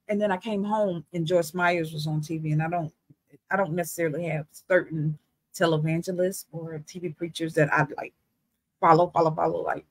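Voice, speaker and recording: A woman in a candid, conversational telling of a personal faith testimony, with a lively storytelling manner. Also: lowish voice, fairly quick, no echo. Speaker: Christian beauty vlogger.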